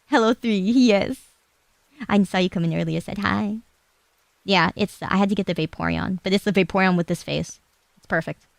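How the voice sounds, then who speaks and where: A woman's voice: mid-range voice, normal speed, vocal fry, dry recording, studio quality. A young Japanese woman chatting casually to her live-stream chat, giggly and rambling, swearing now and then. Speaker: VTuber streamer.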